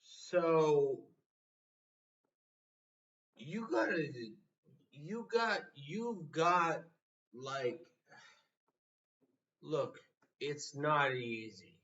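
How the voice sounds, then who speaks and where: A man's voice: fairly high pitch, animated, extremely slow, pauses often, a bit bright, recorded from a distance, muffled recording. A man giving a blunt, profane motivational rant, sounding exasperated. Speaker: motivational speaker.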